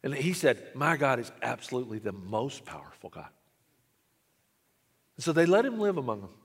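A man preaching a sermon, telling a story and swinging between hushed lines and emphatic ones. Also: mid-range voice, very animated, normal speed, creaky, husky. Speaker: pastor. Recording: long reverb of a large hall.

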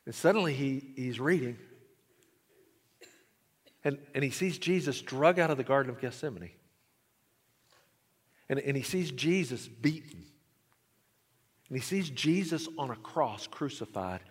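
A man preaching a sermon, telling a story and swinging between hushed lines and emphatic ones. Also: medium pitch, animated, measured pace, long pauses, slightly rough. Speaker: pastor. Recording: long reverb of a large hall.

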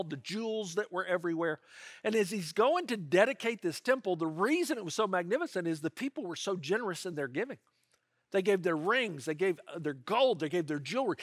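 An animated man preaching with a high, lively voice that swoops up and down. He sounds earnest and conversational, leaning into his points. The sound is dry and close, with no room echo. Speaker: pastor. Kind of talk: sermon.

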